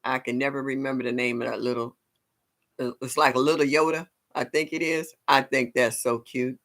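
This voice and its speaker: Bright-voiced older woman. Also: fairly even intonation, fairly quick. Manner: chatty, laughs often, voice jumps high when greeting viewers. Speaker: livestream host. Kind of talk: casual live-stream chat with viewers.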